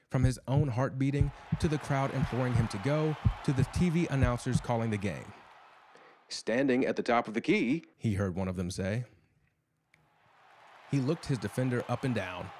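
A man's voice: mid-range voice, noisy background. A man hosting a show, giving scripted narration in a dramatic storytelling tone. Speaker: host.

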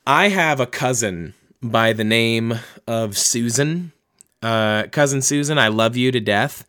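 A man's voice: medium pitch, slow, a bit bright, clean tone. A young man hosting a book-reading show, chatting in a loose, rambling, profane and self-mocking way. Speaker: podcast host reading books aloud. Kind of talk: casual rambling chat.

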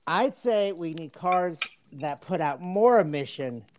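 A woman's voice: on the low side, animated, a little slow, darkish tone, a little hiss or hum. A woman voicing a mock-serious debater in a put-on Southern accent, pleading cynically as if in court. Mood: mock-indignant. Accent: put-on American Southern.

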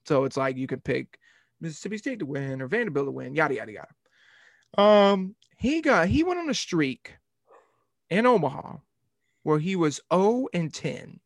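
A young man hosting a sports podcast, telling a rambling, animated story in casual talk. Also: a little high, moderate pace, dry recording, studio quality.

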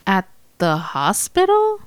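A woman voicing a grieving widow who speaks slowly, coldly and cuttingly, pitched above her narrating voice. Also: lively intonation, a bit bright, clean tone, dry recording. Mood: bitter. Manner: slow, cold and cutting. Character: grieving, bitter widow, cold and angry.

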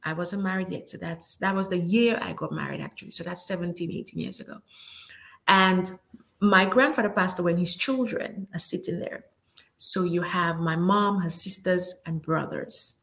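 A woman's voice: on the low side, normal speed, vocal fry, fairly bright tone. A woman hosting a faith talk show, reflective and affirming, sometimes dropping to a near whisper as she tells a story. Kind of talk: casual chat.

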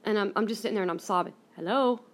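A young woman hosts her own podcast, rattling off a personal story at rapid-fire speed in a rambling, casual way full of fillers and restarts. Her medium-pitched voice keeps a fairly even intonation.

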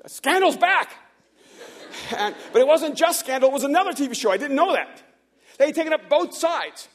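A male pastor telling a story in a sermon to a live church gathering, animated, stacking up repeated "and"s and laughing along as he goes. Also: extremely high pitch, fast talker.

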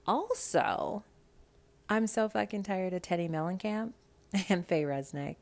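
A young woman hosting a casual reality TV recap, blunt, profane and animated. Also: mid-range voice, measured pace, creaky. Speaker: podcast host.

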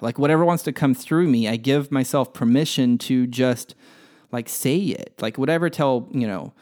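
A man's voice: medium pitch, normal speed, darkish tone. A man hosting a spiritual podcast, teaching in a casual, candid way and swearing freely as he talks through a personal example. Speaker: podcast host.

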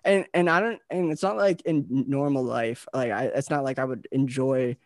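Young man, podcast host, gravelly and dry, rambling easygoing chat. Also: medium pitch, moderate pace, no echo. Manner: rambling, laid-back, lots of filler words and dudes.

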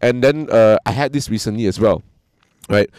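A man in casual storytelling chat who is animated, swears freely and acts out the people he quotes. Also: lowish voice, normal speed, smooth, no room sound.

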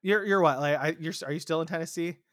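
A man hosting a podcast in casual chat, with a general Southern California accent, joking and quick with asides. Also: on the high side, dry recording, studio quality. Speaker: podcast host.

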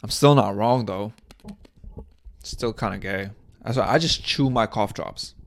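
A man's voice: on the low side, unhurried, creaky. A young man hosting his own podcast, talking casually in a crude, joking, rambling way with bursts of mock outrage. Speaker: podcast host. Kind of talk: casual solo podcast monologue. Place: small indoor set.

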